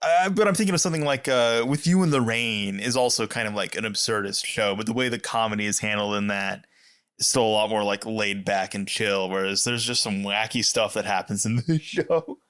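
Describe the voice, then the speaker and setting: A man's voice: lowish voice, a little fast, a bit bright, smooth. A man co-hosting a podcast in casual chat, opinionated, laughing easily and swearing offhand. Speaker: podcast co-host.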